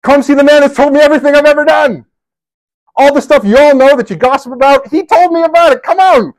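A man putting on an excited high-voiced village woman. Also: fast talker, rough recording. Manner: loud, high, urgent calling. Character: excited woman calling out to her town.

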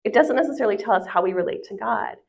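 A woman gives a church teaching talk to a live group. She is conversational and easygoing, puts questions to the listeners and waits for their answers. Her voice sits at an ordinary middle pitch. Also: very fast, vocal fry, darkish tone, husky. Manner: conversational, asks the audience questions. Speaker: women's ministry speaker. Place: church hall with a live audience.

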